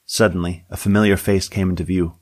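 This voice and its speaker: A man's voice: sits low, flat delivery, quick pace, darkish tone, no room sound. A man narrating a story in a dry, wry storytelling manner.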